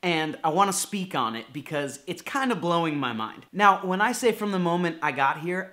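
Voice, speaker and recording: A man's voice: a little high, lively intonation, normal speed, hardly any pauses, bright, forceful tone. Chatty young man vlogging his travels. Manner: upbeat, chatty, addresses viewers directly. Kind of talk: casual vlog talk to camera.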